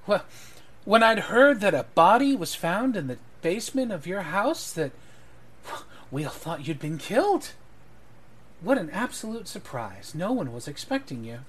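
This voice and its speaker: A man's voice: mid-range voice, lively intonation, moderate pace, a bit bright, slight background noise, lightly acted. A man voicing a cheerful, sly female blacksmith mentor, speaking in a breezy, falsely polite way.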